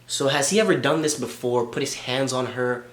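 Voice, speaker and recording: A man's voice: medium pitch, normal speed, a bit bright. A man interviewing a guest, asking casual questions hesitantly with many fillers. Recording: echoey room with faint background noise.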